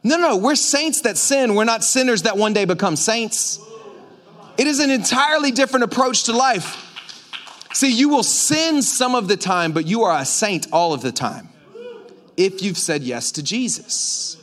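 A man's voice: sits high, expressive, moderate pace, a bit bright. A man preaching a conversational sermon as pastor, emphatic and full of repetitions. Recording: long hall reverb.

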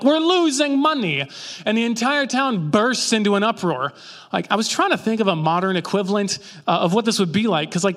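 Male pastor, casual conversational sermon, high voice, acts out quotes for laughs, long hall echo. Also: fairly bright tone. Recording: long reverb of a large hall.

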